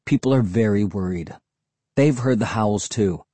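A man voicing a grim, stern middle-aged father who speaks low and firm. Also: normal speed, mellow, no room sound, natural voice.

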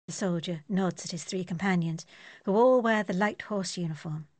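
A woman narrating an audiobook in a steady, descriptive manner. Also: lowish voice, moderate pace, no echo.

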